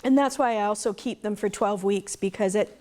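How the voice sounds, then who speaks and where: A woman's voice: medium pitch, a little fast, darkish tone. A middle-aged woman who raises goats, speaking casually to a live audience and telling stories with laughs. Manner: chatty, laughing, storytelling with faith asides. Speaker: conference speaker, goat farmer.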